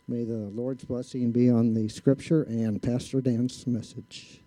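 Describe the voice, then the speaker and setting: A man reading scripture aloud in a measured, solemn way. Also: medium pitch, level tone, warm tone, no room sound, rough recording. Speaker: scripture reader. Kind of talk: slow formal scripture reading.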